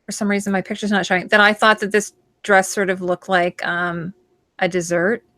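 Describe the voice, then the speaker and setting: A woman from Canada hosts a loose live chat, her voice bright and forward. She rambles and restarts her sentences as she goes. The sound is dry and close, with almost no room around it. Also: medium pitch, little pitch movement, normal speed, no echo. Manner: chatty, rambling, frequent restarts and fillers. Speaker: host. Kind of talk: casual live-stream chat.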